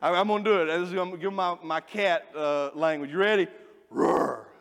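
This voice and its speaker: A man preaching a sermon, folksy and joking as he tells animated stories. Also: sits high, fast talker, clear, resonant tone. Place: church. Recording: long reverb of a church hall.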